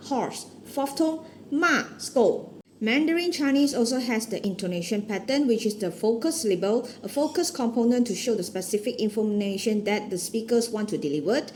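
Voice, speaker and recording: A woman giving a student class presentation, reading in a careful, halting way. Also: on the high side, darkish tone, slight background noise.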